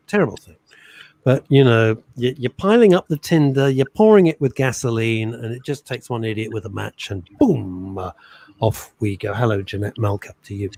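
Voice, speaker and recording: A middle-aged man co-hosting a radio show, chatting and teasing his partner in a joking, animated way. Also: medium pitch, no room sound. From England. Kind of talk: casual chat radio show.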